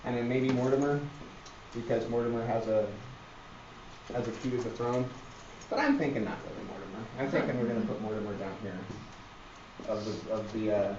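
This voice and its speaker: A man's voice: lowish voice, background noise. A man teaching a literature class, rambling with many fillers and restarts. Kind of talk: classroom lecture. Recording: roomy, dull classroom recording.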